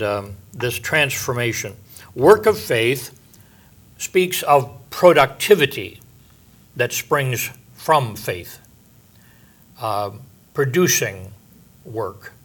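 An older man preaching in a relaxed, conversational way, explaining scripture as a pastor would. He slips in homey asides and "you know"s and slows right down to lean on the words he wants to stress. His voice sits at a mid pitch for a man. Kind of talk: sermon, verse-by-verse Bible teaching.

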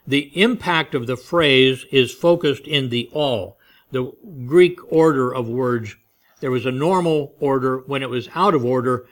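A man's voice: mid-range voice, fairly bright tone. A man leads an informal Bible study, reading scripture aloud and unpacking it in plain terms. His delivery is conversational and easygoing, with chuckling asides between the verses. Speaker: Bible teacher.

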